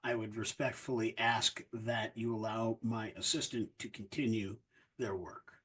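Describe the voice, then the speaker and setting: A man's voice: on the low side, fairly even intonation, unhurried, a bit bright, breathy edge. A man voicing a stern female alien commander who speaks in a clipped, formal, subdued way. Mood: restrained, formal. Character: stern female alien commander, dutiful, worried for her team.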